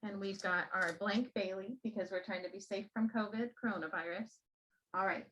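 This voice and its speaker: A woman who trains teachers, giving a classroom demonstration and gently coaching a child as she explains. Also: mid-range voice, steady tone, moderate pace, poor audio.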